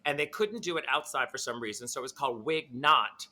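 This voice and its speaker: A man's voice: medium pitch, a little fast, a little hiss or hum. A man telling brash, sassy anecdotes in a casual chat. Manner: sassy, brash, animated storyteller who swears freely. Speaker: guest comedian.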